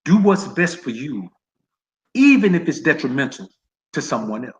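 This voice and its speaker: A man who is a guest co-host on a live stream, talking in a measured way and repeating his points. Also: medium pitch, very animated, low-quality recording. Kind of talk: livestream talk.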